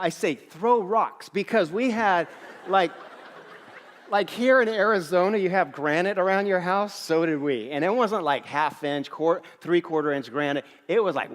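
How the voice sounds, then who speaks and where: A middle-aged man preaching a sermon as a pastor, telling a story with humor and lively restarts. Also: sits high. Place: large church auditorium. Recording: long reverb of a church hall.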